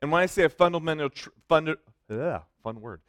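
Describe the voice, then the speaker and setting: A man's voice: fairly high pitch, animated, brisk, fairly bright tone, smooth, no room sound, clean studio sound. A middle-aged man preaching a sermon as a youth pastor, mixing emphatic points with self-joking stories. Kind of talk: sermon with storytelling.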